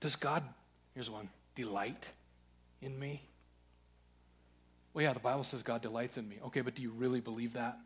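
A man preaching a sermon, earnest, moving between loud urging and hushed, searching questions. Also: mid-range voice, fairly even intonation, normal speed, pauses often, breathy edge. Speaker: pastor.

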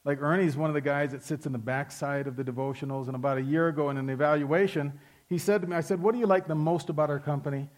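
A man's voice: a little high, fairly even intonation, fast. A middle-aged man preaching a sermon, telling stories in a conversational way and calling out to the congregation. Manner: storytelling, conversational, calls out "Amen?". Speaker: pastor.

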